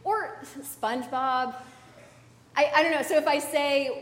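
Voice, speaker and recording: A woman's voice: high voice, unhurried. A young adult woman pastor giving a conversational sermon, chatty, with fillers and asides to the congregation. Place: church sanctuary. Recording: echoey church hall.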